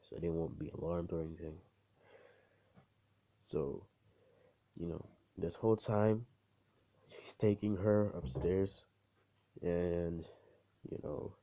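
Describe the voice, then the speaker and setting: A man's voice: low-pitched, warm tone, dull audio. A man telling a fan story in a rambling, profane, casual way, full of fillers.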